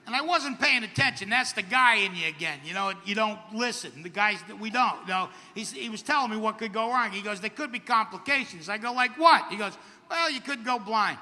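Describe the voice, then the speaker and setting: A man's voice: sits high, lively intonation, brisk, pushed and bright, big-room sound. A middle-aged man doing a stand-up comedy set, wry and self-deprecating with punchy delivery. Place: outdoor comedy stage at a camp festival.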